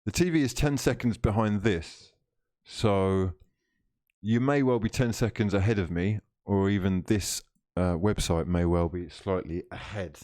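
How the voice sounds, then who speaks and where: A man's voice: on the low side, a little slow, darkish tone. A man hosting a live football watchalong stream, reading out chat comments, teasing viewers and laughing often.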